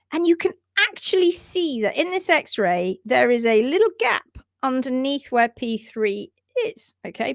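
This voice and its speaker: Brief: woman, livestream host, emphatic and indignant, somewhat high, dry close sound. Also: gravelly, dry recording. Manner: animated, emphatic, indignant rants. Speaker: hoof trimming educator, livestream host. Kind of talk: livestream chat reading comments.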